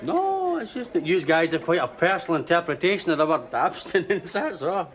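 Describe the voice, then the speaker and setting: A man's voice: fairly high pitch, very animated, brisk, fairly bright tone. A sardonic Scottish barman. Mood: teasing. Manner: wry, teasing. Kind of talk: TV sitcom acting.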